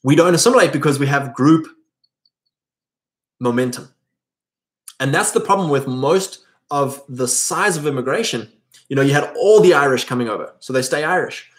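A man from South Africa with a South African accent, talking in a casual, rambling monologue full of fillers and restarts. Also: a little high.

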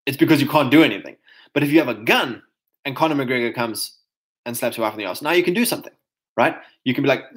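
A man's voice: mid-range voice, fast talker, fairly bright tone. A man in his thirties hosting a casual livestream, talking emphatically and reading chat comments aloud. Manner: emphatic, mocking voices of others, reads chat comments aloud.

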